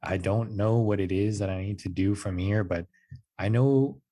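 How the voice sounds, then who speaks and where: In a lowish voice at normal speed, a twenty-something podcast guest casually shares a personal story. He's lively about it, acting out quoted lines with a raised voice and leaning often on "like" and "dude."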